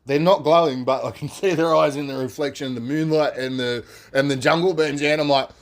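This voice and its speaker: Animated man telling a story. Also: fairly high pitch, a little fast. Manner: animated, swears freely, tags lines with "man" and "right?". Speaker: podcast storyteller. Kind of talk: casual spoken storytelling.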